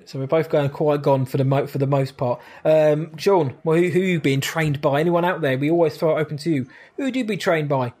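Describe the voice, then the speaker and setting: A man's voice: on the high side, a little fast, hardly any pauses, a little mellow. A man co-hosting a podcast, chatting in an upbeat way and laughing easily. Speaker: podcast co-host. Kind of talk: casual chat.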